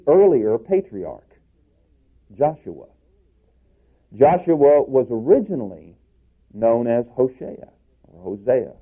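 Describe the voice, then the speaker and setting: A male preacher giving an expository sermon in a measured, explanatory way, restarting phrases now and then. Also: mid-range voice, breathy edge. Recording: tinny phone-like sound.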